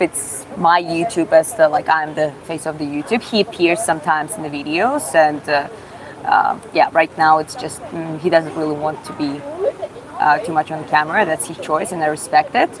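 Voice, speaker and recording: A woman with a Georgian accent and a slightly low voice runs a casual live Q&A. She reads viewers' questions aloud and answers in halting, self-taught English. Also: a crowd in the background, low-quality recording. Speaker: livestreamer answering chat questions.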